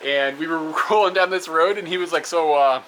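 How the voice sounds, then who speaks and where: A little high, a little fast and sharp in tone, a young man vlogs his travels to camera beside roads and rest stops. He rambles with fillers and frequent laughter, and the poor audio includes clear traffic noise.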